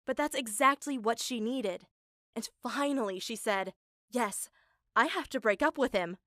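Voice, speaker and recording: A woman tells a first-person story in an earnest, emotional voice that sits on the high side. The recording is close and dry, with no room sound. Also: a bit bright, dry recording. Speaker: narrator.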